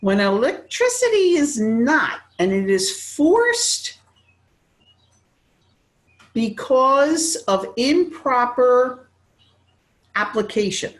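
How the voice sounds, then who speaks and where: A woman giving a real estate training lecture, animated and acting out quick bits of dialogue. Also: high voice, roomy sound. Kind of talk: classroom lecture.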